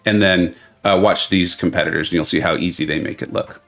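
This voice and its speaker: A man's voice: low voice, steady tone, a little fast, fairly bright tone, soft background music. A man hosting a game-tournament watch party live stream, chatting casually and greeting viewers by name with self-mocking humor. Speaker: livestream host.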